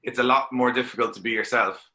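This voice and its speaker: A man's voice: medium pitch, fairly even intonation, pushed and bright. An Irish man, a guest on a podcast, chatting casually in an opinionated, talkative way. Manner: opinionated, chatty, quick laughs. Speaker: guest, drifting driver. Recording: roomy echo.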